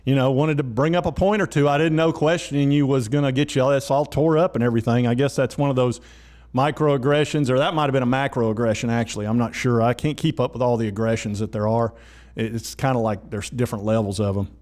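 A man's voice: medium pitch, steady tone, fast, a little mellow. A man, a sports vlogger who rants in a folksy, exasperated way. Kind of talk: casual sports commentary.

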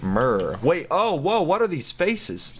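Lively young man doing goofy game commentary. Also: a little high, a little hiss or hum. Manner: chatty, goofy, quick reactions with laughs. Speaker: gaming YouTuber. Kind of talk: casual gameplay commentary.

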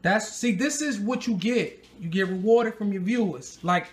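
A man hosting a sneaker unboxing vlog, excitable and slangy, talking straight to his viewers. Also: sits high, moderate pace, hardly any pauses. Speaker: sneaker vlogger.

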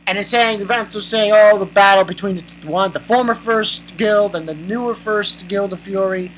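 An excitable reviewer rambles through a manga chapter in a bright, cutting voice. They exclaim and laugh as they go, with a faint hiss in the background. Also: medium pitch, normal speed, low-quality recording.

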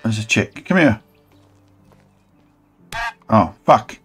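A man's voice: lowish voice, very animated, slow, a bit bright, faint music behind. A man rambling and swearing through a let's play, mocking the game as he goes. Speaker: gaming channel host.

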